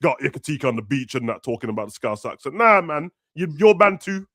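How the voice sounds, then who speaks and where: A young man, ranting in a slangy, animated way as a football fan on a panel. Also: a little high, a little fast, dry recording, clean studio sound. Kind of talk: casual fan debate.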